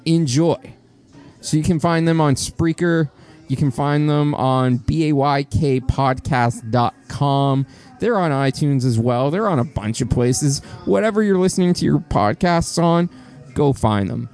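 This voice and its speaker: A man's voice: a little high, measured pace, darkish tone, faint music behind. A man co-hosting a podcast, reading out promos in casual, profane, teasing banter. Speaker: podcast co-host.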